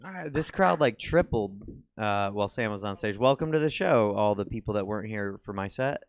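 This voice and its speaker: A man's voice: fairly low pitch, animated, brisk, slight background noise. A young man hosting a comedy show in a small theater, bantering casually with the crowd. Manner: laid-back banter with the crowd. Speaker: show host.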